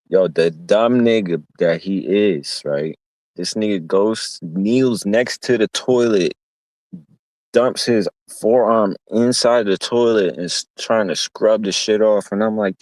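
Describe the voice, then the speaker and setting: A young man with a very low voice tells a rambling, profane story in casual street talk, stopping to act out the other people in it. The sound is dry and close, with no room around him. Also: slow pace, darkish tone, no room sound. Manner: acts out quoted voices. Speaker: streamer. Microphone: streaming mic.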